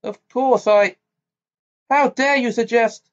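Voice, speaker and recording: A man's voice: on the high side, unhurried, darkish tone, voice pushed up, natural voice. A man reading the lines of a proud, bitter female ghost in an amateur audiobook, with a stiff, clipped delivery. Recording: dull lo-fi recording.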